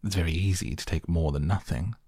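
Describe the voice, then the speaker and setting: A man voicing a mournful, quarrelsome hatter in a slow storybook reading. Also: deep voice, warm tone, husky, no room sound, studio quality. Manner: mournful, argumentative.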